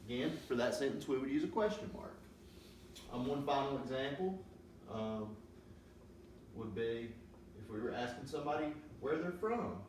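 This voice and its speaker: Male teacher, patient, halting delivery full of ums, far from the mic in a roomy space with faint hiss. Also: mid-range voice, expressive, a little mellow. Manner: slow, patient explaining with many ums. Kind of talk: classroom grammar lesson.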